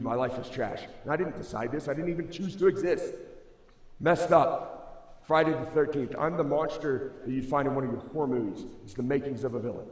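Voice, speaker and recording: A man in his twenties giving a motivational speech to a school assembly, casual and slangy, swinging between loud emphasis and hushed moments. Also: mid-range voice. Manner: casual and slangy, calls listeners bro and dude. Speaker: motivational speaker. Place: large school assembly hall. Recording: echoey hall, long reverb.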